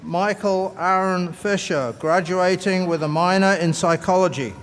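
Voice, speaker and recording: Man, commencement announcer, measured formal reading, podium mic, faint background hiss. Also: high-pitched, steady tone, fairly bright tone. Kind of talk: formal reading of graduate names. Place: large commencement hall. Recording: echoey hall over a PA with crowd noise.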